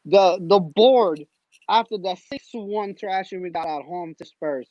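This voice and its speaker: A man's voice: high voice, unhurried, dark tone, no echo, highs cut off. A man speaking as a guest panelist, ranting in an exasperated way as a fan. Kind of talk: passionate fan rant.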